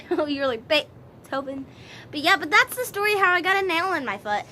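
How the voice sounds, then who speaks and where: Woman vlogger, bright, crisp tone; casual, rambling storyteller. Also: very high voice, big pitch swings, fast talker, slight background noise. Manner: rambling, many "so" and "like" restarts.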